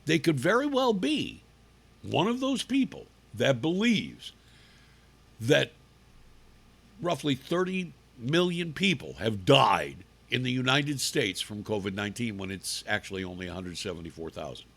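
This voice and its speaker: A man's voice: mid-range voice, big pitch swings, measured pace, gravelly, husky. A man hosting a live opinion talk show, combative and profane, asking rhetorical questions.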